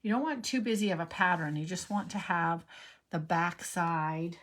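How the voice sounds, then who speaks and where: A woman's voice: fairly low pitch, normal speed, a bit bright. An older woman hosting a card-making tutorial, talking in a rambling, chatty way and drifting into personal stories as she works. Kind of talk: chatty crafting demonstration.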